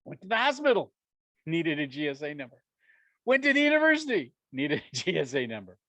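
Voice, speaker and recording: A man telling a business story to an audience, animated and acting out the dialogue, chuckling often. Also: on the high side, fairly quick, dry recording. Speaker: speaker sharing a business story.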